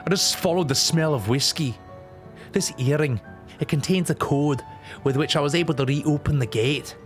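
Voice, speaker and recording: A man voicing a blunt young woman with a put-on light Scottish accent in a comic game fan dub, speaking slowly and deadpan with swearing. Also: on the high side, faint music behind, natural voice.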